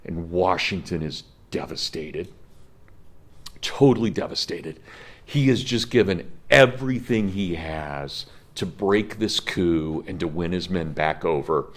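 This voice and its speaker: Man, middle-aged, low voice, college lecture, earnest storytelling, voice cracking with emotion, classroom. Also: lively intonation, a little slow. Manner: earnest storytelling, breaks into laughs when moved. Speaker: college professor.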